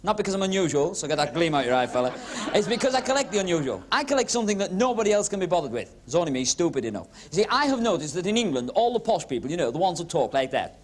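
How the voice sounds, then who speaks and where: A man doing sharp, spiky stand-up patter as a comedian and magician on a club stage before a live audience. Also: high-pitched, very animated, racing. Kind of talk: stand-up patter during a card act. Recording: 1970s TV recording with a laughing crowd.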